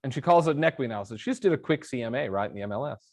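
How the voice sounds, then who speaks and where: A man speaking as a guest on a live interview show. He tells stories and acts out phone conversations, switching into the quoted lines as he goes. His voice sits at an ordinary pitch for a man. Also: animated, rapid-fire, a little mellow. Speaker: guest, real estate training executive. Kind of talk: conversational interview, storytelling with examples.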